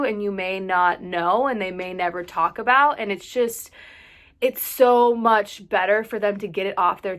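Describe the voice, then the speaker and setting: Young woman, vlogger, casual advice, chatty, says "like" a lot, a bit breathless, middle pitch. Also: a bit bright. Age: young adult. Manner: chatty, fills with "like", sighs and laughs. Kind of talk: casual advice talk to camera.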